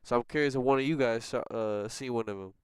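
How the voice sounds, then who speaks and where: A young man from the United States talks loosely with his livestream chat, slangy and quick to laugh. His voice is smooth and clean, at a middling pitch, and it sits close and dry with no room sound. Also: a little mellow, no room sound. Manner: laid-back, laughs often, slangy. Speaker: livestream host reading chat.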